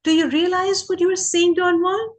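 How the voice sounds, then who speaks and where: A woman reading the part of a puzzled young male apprentice, pitching up into exasperated questions. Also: steady tone, normal speed.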